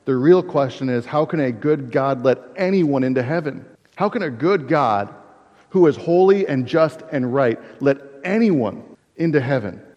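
A man's voice: mid-range voice, lively intonation, moderate pace, darkish tone. A male pastor delivers an earnest sermon in a church sanctuary. His voice rings with long reverb and sounds a little dull and muffled. He poses rhetorical questions and restarts his phrases as he goes. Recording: dull reverberant hall recording.

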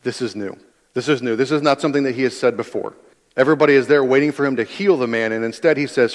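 Man, pastor, earnest sermon, repeats phrases for emphasis, mid pitch, long hall echo. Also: fast talker.

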